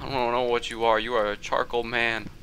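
A man's voice: mid-range voice, little pitch movement, brisk, over music. A man doing profane, slang-heavy let's play commentary, mocking the monster and yelping when startled. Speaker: gaming channel host.

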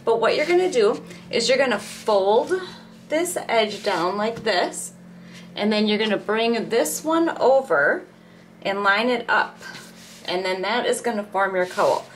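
A middle-aged woman hosts a crochet tutorial from home, chatting in a relaxed way as she works with her hands and explains each step. Her voice is mid-range and unhurried, with slight background noise.

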